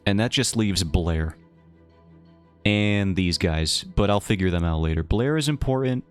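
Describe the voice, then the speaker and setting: Male streamer, very low voice, loose rambling banter with chat, faint music under it. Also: expressive, a little slow, clean tone. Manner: rambling, playful and self-mocking. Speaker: livestreamer. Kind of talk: casual chat with a live chat.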